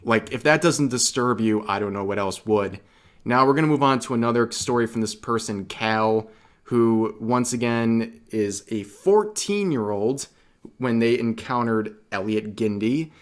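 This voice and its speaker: A man's voice: mid-range voice, a little slow. A male commentary host speaks in a mid-range voice, indignant and blunt as he walks through screenshots and chat logs. His tone turns disgusted and scornful while he reacts to each one. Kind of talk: online commentary video.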